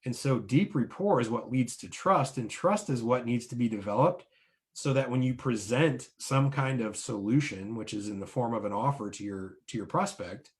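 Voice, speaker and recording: A man's voice: medium pitch, moderate pace. Man coaching business owners on sales. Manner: coaching, often ends points with "right?"; explains with numbered steps and analogies. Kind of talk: instructional talk to business owners.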